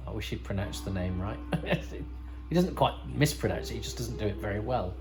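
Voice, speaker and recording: A man's voice: on the low side, lively intonation, fairly quick, music in the background, low-quality recording. A man hosting a podcast, giving casual, rambling commentary over a TV episode with wry asides and frequent self-corrections. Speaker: podcast host.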